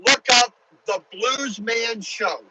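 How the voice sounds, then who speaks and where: A man's voice: very high-pitched, slow, bright, forceful tone, breathy edge, no echo, rough recording. A truck driver talking casually to his viewers while driving his truck, in a chatty, rambling way. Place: truck cab on the highway.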